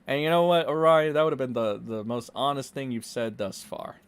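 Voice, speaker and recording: A man's voice: mid-range voice, a little fast, clean tone. A young man ranting sarcastically as a casual online commentator, swearing freely. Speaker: YouTube commentator.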